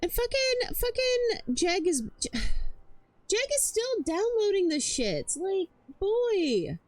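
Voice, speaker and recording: A woman's voice: very high-pitched, very animated, slow, no room sound. A woman streaming, chatting casually and rambling, swearing often and tripping over her words, hyper but tired. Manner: rambling, swears a lot, stammers and repeats herself.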